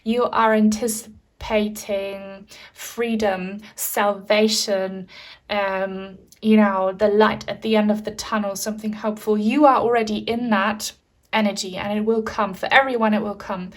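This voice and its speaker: A woman giving a pick-a-card tarot reading to her viewers, speaking gently and reassuringly, with frequent fillers. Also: mid-range voice, steady tone, unhurried. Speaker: tarot reader.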